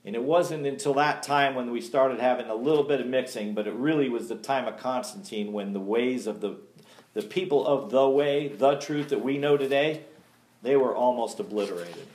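A man's voice: mid-range voice, normal speed, a little mellow. Folksy male Bible teacher, echoey room. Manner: folksy, emphatic, laughs at own jokes. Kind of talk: teaching sermon.

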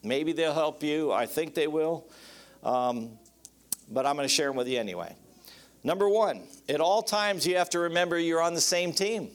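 A male pastor preaching on marriage with a higher-pitched voice. He keeps it folksy and joking, breaks his points into numbered rules, and calls out for amens. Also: moderate pace. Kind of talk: sermon on marriage.

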